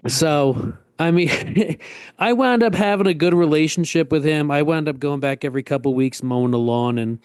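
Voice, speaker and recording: A man's voice: a little high, measured pace, smooth, no echo, clean studio sound. A middle-aged man from the Northeast United States, co-hosting a podcast and telling a long rambling anecdote in casual chat, acting out the quotes. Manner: rambling, self-interrupting anecdote with acted-out quotes. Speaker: podcast co-host.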